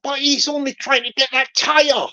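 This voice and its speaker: A woman's voice: high voice, fairly even intonation, normal speed, bright, forceful tone, dull audio. A woman hosting a playful livestream, joking, repeating herself and greeting viewers by name. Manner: jokey, repetitive, greets viewers by name, laughs often. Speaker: livestream host.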